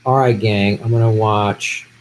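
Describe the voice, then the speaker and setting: A man's voice: on the low side, steady tone, unhurried, a little hiss or hum, rough recording. A man hosting a political commentary livestream, chatting casually and profanely while he reads viewer comments from a home setup. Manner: loose, profane, conversational. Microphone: earpiece with improvised audio setup.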